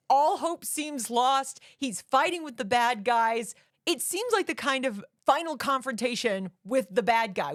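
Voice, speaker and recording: A woman's voice: sits high, a bit bright, dry recording, clean studio sound. A woman co-hosting a podcast, chatting casually and emphatically about a movie, often saying "like". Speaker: podcast co-host. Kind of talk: casual movie review chat.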